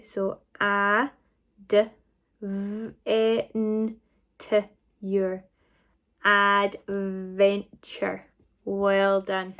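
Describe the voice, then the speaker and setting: A woman with a Scottish accent teaching a recorded phonics lesson to children, sounding out words slowly and praising often. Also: medium pitch, a little mellow. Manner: slow, clear, encouraging sounding-out. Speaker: primary school teacher.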